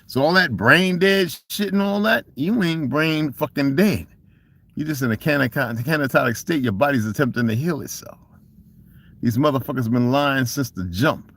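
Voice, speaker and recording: A man's voice: medium pitch, moderate pace, fairly bright tone. A man with a Southern US accent ranting casually and profanely on a livestream, emphatic and laughing often. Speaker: livestream host. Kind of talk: casual rant.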